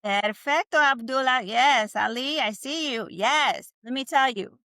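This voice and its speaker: A woman, a native Spanish speaker, leads a live online language class over a video call. Her voice sits a little high, and she coaches her students to repeat phrases with upbeat encouragement. The sound is close and dry. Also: unhurried, pushed and bright, no echo. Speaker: Spanish teacher.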